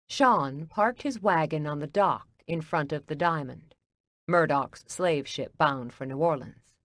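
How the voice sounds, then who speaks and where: Woman narrating an audiobook in a low, dry voice. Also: no echo.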